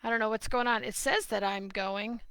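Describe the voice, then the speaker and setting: A middle-aged woman from New Jersey, answering viewer questions on a live stream in an animated, opinionated, emphatic way. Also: a little high, normal speed, smooth, no echo. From New Jersey, USA.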